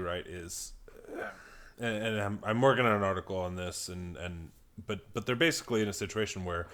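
A man co-hosting a podcast, in casual sports chat, halting and restarting his sentences. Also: sits low, a bit bright. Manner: halting, with restarts and trailing phrases. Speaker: podcast co-host.

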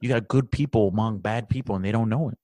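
A man with a fairly low voice talks through a casual podcast conversation, rambling, restarting, and swearing freely as he warms up. The sound is dry and close, with no room around it. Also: fast talker, dry recording. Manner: rambling, swears often, grows heated and loud. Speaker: podcast guest or co-host, police trainee.

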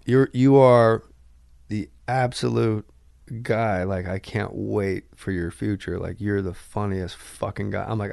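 A man who is a podcast guest, telling comic stories in a loud, excitable way and acting out sounds and quotes. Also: lowish voice, unhurried, vocal fry, no echo. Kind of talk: animated comic storytelling.

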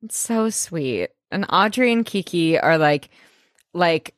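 A woman's voice: lowish voice, expressive, takes it slowly, no echo, studio quality. A woman co-hosting a podcast, recapping a TV episode in casual chat and reacting with emphatic groans and agreement. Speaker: podcast co-host.

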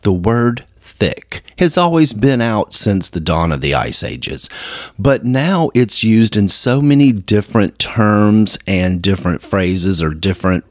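A low-voiced man talks through a casual solo podcast, his pitch swinging up and down as he rambles along with plenty of fillers. The sound is dry and close. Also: no echo. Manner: rambling, conversational, lots of fillers. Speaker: podcast host.

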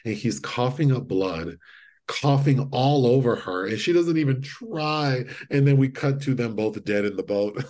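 A man co-hosting a podcast, retelling movie scenes in a casual, animated way and acting out the lines. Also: mid-range voice, measured pace. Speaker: podcast co-host. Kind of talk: casual chat.

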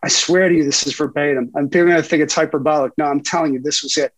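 A middle-aged man, a sports reporter being interviewed, telling animated stories with frequent laughs and fillers. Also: fairly high pitch, very fast, no room sound, poor audio. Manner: animated storyteller, laughs often, many fillers. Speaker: investigative sports reporter, guest. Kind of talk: casual interview storytelling.

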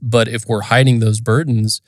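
A man co-hosts an unhurried conversation, thoughtful and reflective. His voice is mid-pitched and steady, recorded close and dry. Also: no echo. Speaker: podcast co-host. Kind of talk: casual conversation.

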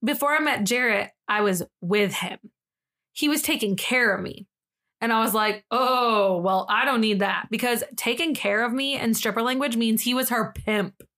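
Woman podcast co-host with a fairly high voice, retelling a story casually and with energy, laughing often. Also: moderate pace. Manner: animated retelling with slang and frequent laughter. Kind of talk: casual storytelling, reading a thread aloud.

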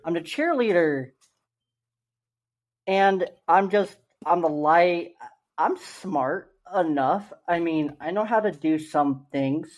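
A young man co-hosting a laid-back podcast talks in a fairly high, expressive voice, taking his time. He keeps things upbeat, pokes fun at himself, and delivers the ads with a sales pitch tone.

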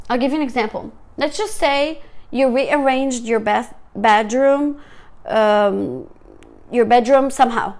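A woman's voice: a little high, a little mellow. A woman, an author and teacher, giving an earnest, emotional personal testimony. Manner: earnest, emotional, emphatic storytelling. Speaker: author and teacher sharing her story.

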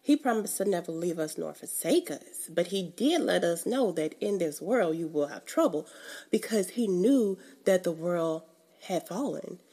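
A woman's voice: fairly low pitch, animated, unhurried, dark tone, slightly rough. A young woman giving a casual, emphatic devotional teaching in a conversational, colloquial way. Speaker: faith teacher.

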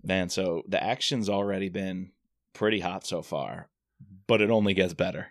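A man's voice: low-pitched, normal speed, dry recording, clean studio sound. A man from the Washington DC area co-hosting a casual book podcast, retelling the plot with animation and acting out the characters' lines. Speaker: podcast co-host discussing a novel. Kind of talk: casual chat.

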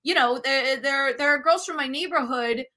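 A woman in her thirties, a cooking show host, chatting as an interview guest in an animated, self-deprecating way. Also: high voice, normal speed. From United States. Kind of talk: casual interview chat.

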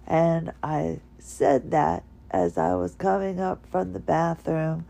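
Drowsy woman rambling slowly. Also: deep voice, fairly even intonation, gravelly, mellow. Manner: rambling, halting, with many restarts and yawns. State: tired, drowsy. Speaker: podcaster. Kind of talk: casual personal monologue. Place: bedroom.

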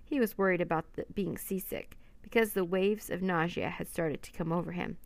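A woman's voice: fairly low pitch, fairly even intonation, moderate pace, gravelly, no room sound. A woman narrating a children's storybook aloud, voicing each character herself. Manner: reads every character in lightly raised voices.

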